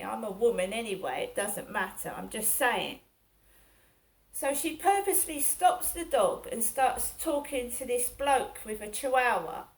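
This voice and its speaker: A middle-aged woman, talking through her day in a rambling, aggrieved personal monologue that circles back on itself. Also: a little high. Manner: rambling and aggrieved, repeating herself. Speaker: vlogger.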